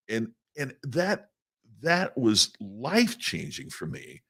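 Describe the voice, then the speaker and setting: A man's voice: mid-range voice, wildly swooping pitch, takes it slowly, fairly bright tone, slightly rough. A middle-aged man, a podcast guest, telling a story earnestly and often repeating his first words.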